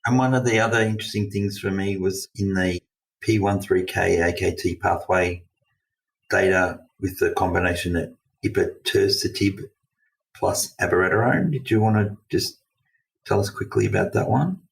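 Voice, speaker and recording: A man from Australia hosting a roundtable discussion, asking questions in a relaxed, chatty way. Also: sits low, normal speed, gravelly. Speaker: host. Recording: distant from the mic.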